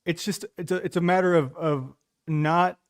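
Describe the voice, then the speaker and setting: This man answers in fits and starts, stumbling through fillers, then hits back sharply when pushed. His voice is fairly high for a man. The recording is close and dry, with no room in it. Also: fairly even intonation, normal speed, dry recording. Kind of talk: heated argument.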